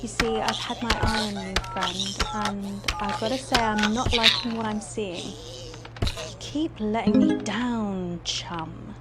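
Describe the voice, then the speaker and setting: A woman's voice: medium pitch, fairly even intonation, takes it slowly, over loud music, natural voice. An actress playing a sly, mocking female TV host who tempts the player toward bad choices, in a video game. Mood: taunting. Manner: teasing, mocking, purring. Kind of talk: video game live-action acting.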